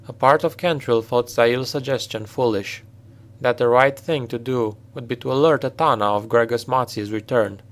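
A man narrating a dark fantasy novel in a steady, dramatic storytelling manner. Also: mid-range voice, normal speed. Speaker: audiobook narrator.

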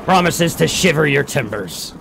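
A man's voice: fairly high pitch, expressive, gravelly, a bit bright, slight background noise, full character voice. A man with a Bristolian accent putting on a hammy pirate-like West Country announcer voice to plug a game. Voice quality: drawn-out, theatrical, laughing through it.

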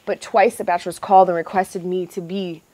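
A young adult woman telling stories as a guest, animated and profane, acting out what other people said. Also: lowish voice, fairly quick, no room sound. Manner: lively, profane, acts out other people's lines. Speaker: reality TV contestant guest. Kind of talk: animated storytelling chat.

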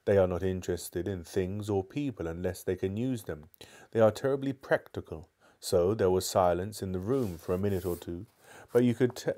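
A man's voice: sits low, dark tone. A man reading a children's novel aloud live, sometimes stumbling and restarting lines. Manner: stumbles and restarts, apologizes to viewers. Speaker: book reader.

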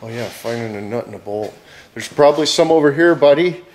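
A man's voice: mid-range voice, expressive, brisk, heavy background noise. Foul-mouthed rambling young man at work. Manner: swears constantly, rambling and jokey. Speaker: vlogger. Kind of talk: profane casual chat while working.

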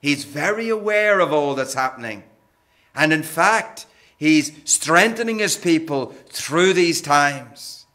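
A man preaching a gentle sermon, often calling his listeners friends. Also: on the high side, animated, slow pace. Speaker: pastor.

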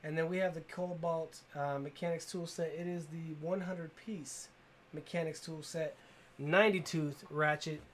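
A man's voice: fairly high pitch, fairly even intonation, normal speed, a little hiss or hum. Upbeat man hosting a giveaway stream. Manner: upbeat, calls out to viewers and reads comments aloud. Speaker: tool channel livestream host. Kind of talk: casual livestream giveaway chat.

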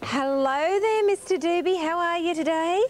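A woman's voice: very high voice, moderate pace. A young Australian woman presenting a 1980s children's TV show, talking to small children in a gushing, coaxing, exclamatory sing-song. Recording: 1980s TV studio, music behind.

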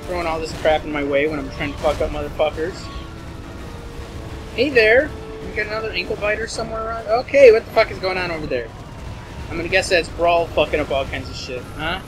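A man's voice: on the high side, fairly even intonation, quick pace. A man giving profane, rambling let's play commentary and getting easily frustrated with the game. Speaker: gameplay commentator. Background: game music.

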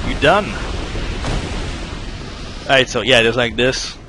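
A man's voice: medium pitch, slow pace, noisy background. Foul-mouthed casual gaming streamer man. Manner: casual, profane, joking. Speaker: game streamer. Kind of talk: casual let's-play commentary.

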